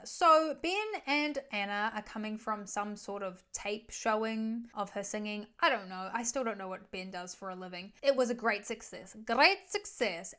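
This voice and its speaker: A young woman chatting through a gossipy, chaotic movie recap as a vlogger. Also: fairly high pitch. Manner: chaotic, gossipy, animated retelling with quoted asides.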